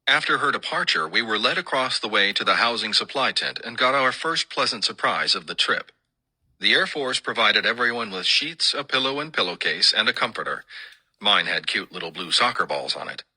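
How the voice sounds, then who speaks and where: An older man reading his own wartime memoir aloud in a dry, wry storytelling manner, with a husky voice. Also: fairly low pitch, animated, brisk, sharp tone, rough recording. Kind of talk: first-person memoir reading.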